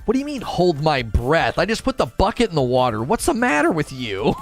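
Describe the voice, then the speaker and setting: A young man streams a game with faint music behind him, chatting casually, reading chat, making mocking, jokey asides and laughing often at his own jokes. His voice runs on the high side with huge pitch swings, and he talks fairly quickly.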